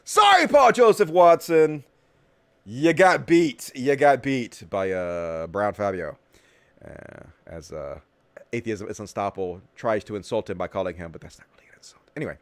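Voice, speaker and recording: A man's voice: lowish voice, very animated, moderate pace, a bit bright, no echo. Sarcastic, profane male talk-show host. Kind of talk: political commentary show.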